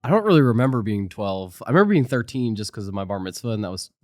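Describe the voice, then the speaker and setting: A man's voice: on the low side, expressive, fast talker, no room sound, studio quality. A man from New Jersey co-hosting a podcast in casual chat, laid-back and joking as he rambles. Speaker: podcast co-host.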